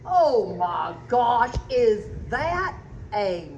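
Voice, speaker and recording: A woman hosting a community video, talking in a teasing, animated way to a man and a set of stuffed toys. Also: fairly high pitch, extremely slow. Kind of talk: playful skit narration. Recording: echoey, dull, faint background noise.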